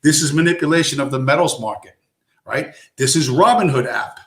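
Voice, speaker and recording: A man's voice: on the high side, fairly quick, fairly bright tone. Stream host, man, combative and sarcastic, roomy sound. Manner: profane, aggressive, sarcastic. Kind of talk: ranting live-stream commentary.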